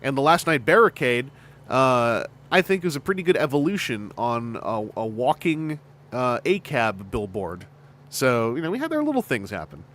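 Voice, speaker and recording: A man's voice: mid-range voice, big pitch swings, moderate pace, a bit bright. A man hosting a podcast, chatting casually in a rambling, joking way. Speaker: podcast host. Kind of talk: casual chat.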